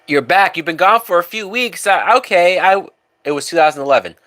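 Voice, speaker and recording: A man's voice: sits high, lively intonation, brisk, bright, forceful tone. A man casually commenting on a film during a live stream, loose and profane, now and then reading out viewer comments. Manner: loose, profane, chatty, reads out chat. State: drunk.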